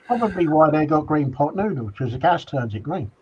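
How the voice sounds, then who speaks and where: A man co-hosting a live stream, chiming in with quick wisecracks. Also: a little high, big pitch swings, warm tone, muffled recording, slight background noise. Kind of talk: casual banter.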